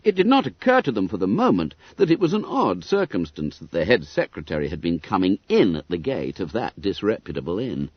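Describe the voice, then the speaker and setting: A male narrator reads an audiobook with lively, expressive storytelling. His pitch ranges very widely, and his voice is a little husky. The recording is dry and dull. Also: a little fast, hardly any pauses, no echo. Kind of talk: scripted narration.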